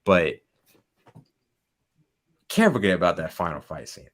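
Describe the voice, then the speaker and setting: An excitable young man co-hosts a casual podcast chat. His voice sits on the low side, and he leans on "like" constantly and breaks into laughs. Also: measured pace. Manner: excitable, heavy use of "like", laughs often. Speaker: podcast co-host.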